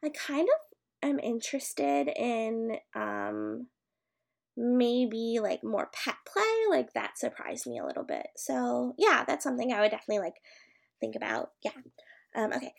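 A woman's voice: on the high side, huge pitch swings, measured pace, creaky. A young woman at home, casually answering a questionnaire as an amateur audio creator, rambling and hesitant with many filler words. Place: her home.

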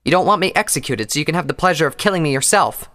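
A man voicing a high, earnest young unicorn mage. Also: expressive, racing, bright, forceful tone. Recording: long hall reverb.

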